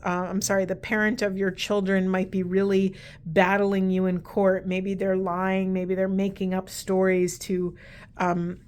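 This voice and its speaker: A woman talks straight to her viewers during a spiritual card reading. She speaks in an earnest, meandering way and grows gently emotional at times. Her voice sits at a middling pitch. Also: clear, resonant tone. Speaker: tarot and oracle card reader.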